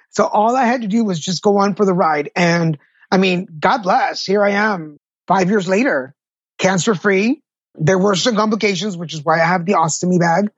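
This middle-aged man, a patient advocate, tells his personal story in an interview, sounding earnest, candid and self-deprecating. His voice is high and husky, and the muffled recording has no room sound.

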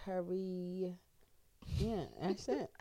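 A woman's voice: fairly low pitch, steady tone, drawn-out words, mellow, no echo. A young woman co-hosting a casual chat, talking bluntly with slang, swearing and jokes. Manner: blunt, profane, joking slang.

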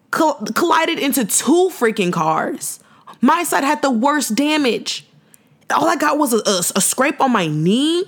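A young woman hosting a podcast, giving an impassioned faith testimony in a repetitive, slangy preaching cadence. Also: a little high. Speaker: podcast host.

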